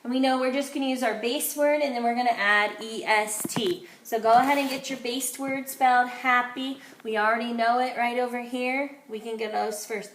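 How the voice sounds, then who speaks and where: A woman teacher giving a phonics lesson to young children, slowly and clearly sounding out letters and syllables. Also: on the high side, fairly even intonation, roomy sound, slight background noise.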